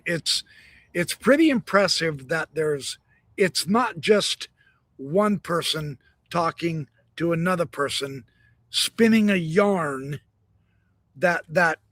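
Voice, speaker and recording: A male host giving slow, reflective commentary on a live stream. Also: fairly high pitch, animated, sharp tone, no room sound. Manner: slow, reflective, drawn-out phrasing.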